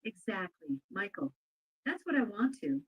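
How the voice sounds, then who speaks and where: A synthetic woman's voice, a voice assistant replying politely and agreeably in a steady way. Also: mid-range voice, moderate pace, slightly rough, highs cut off.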